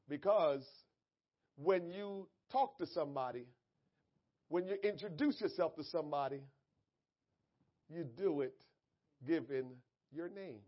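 A man preaching in a very high voice, drawing his words out slowly. He drops to quiet asides, then builds to shouted peaks, and the recording sounds dull and lo-fi. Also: lively intonation. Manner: reads scripture in measured, deliberate cadence. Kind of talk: sermon.

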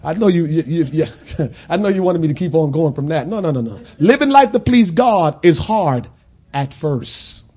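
A man preaching a sermon in a conversational, storytelling way that builds to loud, shouted points. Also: fairly high pitch, animated, moderate pace, slightly rough, lo-fi sound.

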